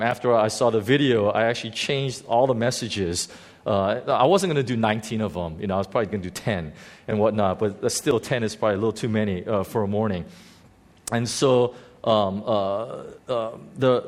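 A middle-aged male pastor with a fairly low voice preaches a sermon. He halts often, filling gaps with ums, and at heartfelt moments his delivery turns soft and slow.

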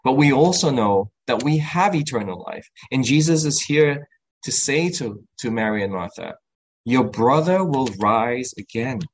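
A man's voice: sing-song, slightly rough, rough recording. A man preaching a sermon in an earnest voice, stopping to restart his phrases and acting out the quoted lines with a lifted voice. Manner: earnest, acts out quoted lines with rising pitch; halting with restarts and fillers.

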